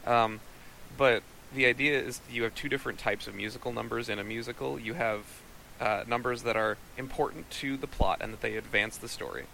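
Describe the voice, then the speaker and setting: A man with a gravelly, fry-edged voice explains ideas at a measured, steady pace. His tone is bright and a little sharp, and his humor is dry and understated. A faint hiss runs beneath the recording. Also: mid-range voice, low-quality recording. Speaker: co-host reviewing a movie. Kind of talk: casual chat.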